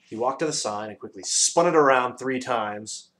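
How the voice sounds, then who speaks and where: A man narrating a children's novel with a lively, expressive reading. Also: mid-range voice, moderate pace. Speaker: audiobook reader. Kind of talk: storybook narration.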